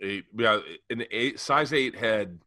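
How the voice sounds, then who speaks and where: Male podcast co-host, bright tone, loose storyteller, swears freely. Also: on the low side, slow pace, no room sound. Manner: rambling storyteller, acts out exchanges; profane. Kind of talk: casual comedic chat.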